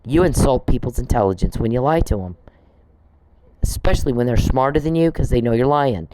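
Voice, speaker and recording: A man's voice: medium pitch, lively intonation, brisk, warm tone, dry recording, rough recording. A man on a podcast, delivering an angry, profane monologue aimed straight at one person he scolds. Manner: indignant, profane, scolding someone directly.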